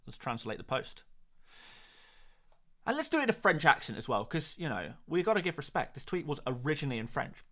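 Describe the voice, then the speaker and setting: A man chats casually on a live stream, joking with viewers and muttering to himself between points. His voice is bright, fairly high, and swings widely in pitch. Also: very animated, brisk. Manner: chatty, jokey, muttering asides. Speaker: streamer host.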